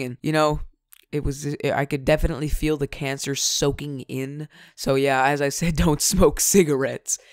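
A man's voice: on the high side, clean tone, dry recording, clean studio sound. A young man casually telling a rambling story as a vlogger, often laughing at his own jokes.

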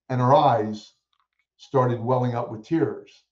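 A man telling stories as a guest in an interview, acting out the people he quotes with lively energy. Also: medium pitch, moderate pace, roomy sound, lo-fi sound. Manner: animated storyteller who acts out quoted voices. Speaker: guest speaker. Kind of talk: storytelling in a podcast interview.

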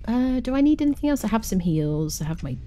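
A woman's voice: on the high side, very animated, fast talker, mellow, slight background noise. A woman streaming a game live, chatting loosely and answering her chat as she plays.

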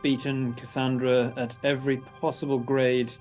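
Male player, average pitch, smug mock-formal in-character talk. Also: little pitch movement, normal speed, a little mellow, soft background music. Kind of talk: in-character tabletop banter.

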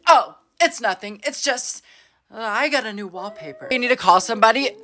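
A woman's voice: on the high side, brisk, pushed and bright. A woman playing a smug, attention-seeking teenage schoolgirl in comedy sketches, talking down to others and bursting into dramatic whines. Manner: condescending, dramatic, whiny outbursts. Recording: music playing behind the voice. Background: music.

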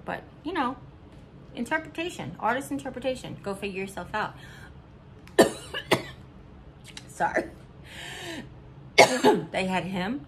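A woman's voice: mid-range voice, animated, takes it slowly, long pauses, slight background noise. A middle-aged woman from Missouri chatting casually in a haul vlog, upbeat and giggly, with rambling asides. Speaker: vlogger.

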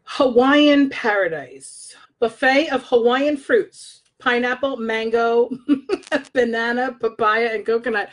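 Speaking slowly in a slightly high voice, a married woman who works as a scent consultant reads scent descriptions in her vlog. She is an adult, records with her own mic, and keeps the product review casual, blunt, and sprinkled with swearing.

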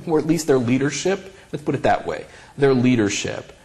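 A middle-aged man in an oral history interview, telling candid stories with a wry, animated manner and acting out the quotes. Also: medium pitch, normal speed. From Central Pennsylvania. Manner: wry, animated, acts out quotes when storytelling. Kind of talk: candid conversational storytelling.

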